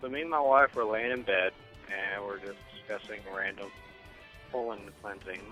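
A man's voice: lowish voice, normal speed, pushed and bright, soft background music, low-quality recording. A man leaving a casual, crude joking question on a podcast voicemail line. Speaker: caller on voicemail.

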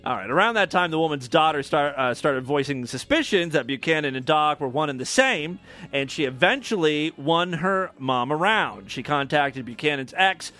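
A man's voice: fairly high pitch, bright, forceful tone. A man hosting a podcast, giving casual news commentary with irreverent, crude jokes and frequent laughs. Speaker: podcast host.

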